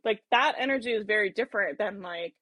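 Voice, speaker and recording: A woman's voice: mid-range voice, quick pace, a bit bright, no echo. A woman giving a motivational business talk, emphatic and repetitive, often acting out whiny self-talk and laughing at herself. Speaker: business coach.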